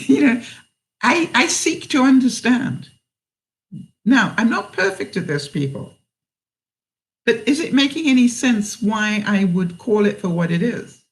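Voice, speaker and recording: A woman's voice: on the high side, very animated, unhurried, pauses often, low-quality recording. A woman talks straight to her viewers, giving frank advice in a casual way. She laughs often and acts out what she would say to people. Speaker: vlogger answering viewer questions.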